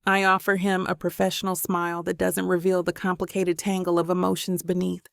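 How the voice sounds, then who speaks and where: A woman narrating a first-person romance audiobook in a measured, introspective way on a close mic. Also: lowish voice, monotone, vocal fry, dry recording.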